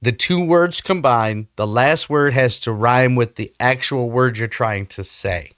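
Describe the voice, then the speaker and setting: A man's voice: mid-range voice, a little slow, fairly bright tone, clean tone, dry recording, clean studio sound. A man hosting a casual reaction video, upbeat and talking straight to his viewers. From United States.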